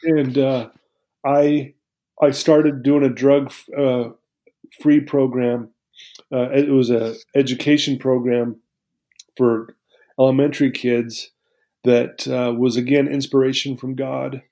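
A man's voice: medium pitch, little pitch movement, slow, dark tone. A middle-aged man telling his life story to an interviewer, earnest and emotional, with many restarts. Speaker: guest.

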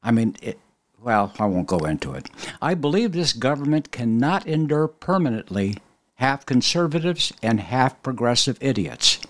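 Male talk radio host, sardonic monologue, pitch rising and falling a lot. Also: big pitch swings, moderate pace, fairly bright tone. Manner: wry, sardonic, reads quotes aloud with dry asides. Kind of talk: conversational political commentary monologue.

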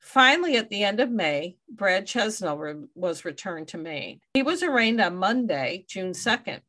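A woman narrating a true crime case for a podcast in an even, mid-pitched voice. She reads court details plainly and drops wry asides of her own. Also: normal speed. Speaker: podcast host.

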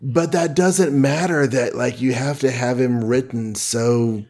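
A man's voice: medium pitch, a little mellow. Mid-voiced man explaining comics casually. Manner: measured, explanatory, with "um" pauses. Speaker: podcast co-host. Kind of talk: casual chat about comics.

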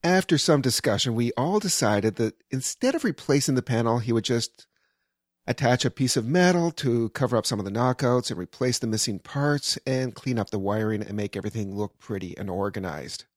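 A man's voice: medium pitch, expressive, a little fast, no echo. Brief: male storyteller, wry and conversational, mid-range voice, dry close sound. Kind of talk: personal anecdote storytelling.

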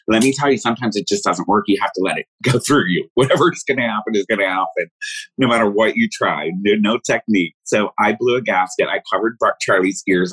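A man with a somewhat low, husky voice tells a personal story in a loose, rambling way. He restarts his sentences often and laughs as he goes. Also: fairly bright tone, low-quality recording. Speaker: guest.

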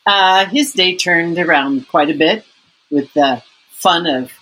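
A woman's voice: fairly low pitch, slow, fairly bright tone, breathy edge, rough recording. A woman author being interviewed, talking in a chatty, rambling way. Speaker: author guest.

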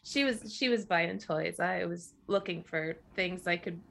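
A woman's voice: fairly low pitch, unhurried, creaky, fairly bright tone. A middle-aged woman on a podcast panel, sounding just woken up, laughing at herself. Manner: drowsy, laughing, self-mocking. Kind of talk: casual chat.

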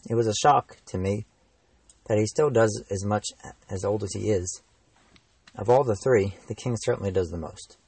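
A teenage man voicing a calm, friendly knight in a storybook reading, speaking in a measured way. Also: fairly low pitch, slightly rough, recorded from a distance, low-quality recording. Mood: explaining. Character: calm, friendly adult knight, steady and patient.

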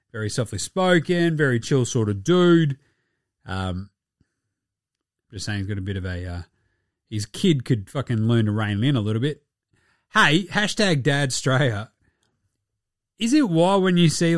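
A young Australian man hosting a casual solo sports podcast, sweary and laughing through animated asides. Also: mid-range voice, no echo, studio quality. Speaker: podcast host.

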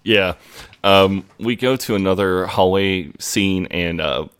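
Man, very deep voice, podcast co-host, relaxed episode recap, laughs easily. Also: slow, clear, resonant tone.

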